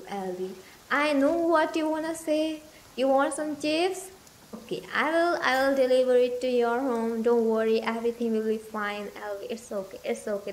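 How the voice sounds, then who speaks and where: A woman's voice: fairly high pitch, slight background noise. A young woman from India streaming a game, chatting in a bubbly, rambling way with her viewers. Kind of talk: casual livestream chat. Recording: music playing behind.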